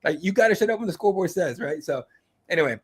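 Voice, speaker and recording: A man with a somewhat high voice chats casually on a podcast. He rambles, restarts and drops fillers and the odd swear word as he tells stories about covering fights. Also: lively intonation, fast, breathy edge. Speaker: MMA reporter, guest.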